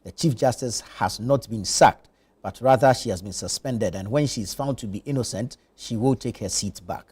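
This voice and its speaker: A man's voice: mid-range voice, normal speed, darkish tone, breathy edge. A man hosting a morning news review panel, reading out viewer messages and steering the talk. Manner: reads viewer messages, brief affirming murmurs. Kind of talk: morning show panel moderation. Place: TV studio.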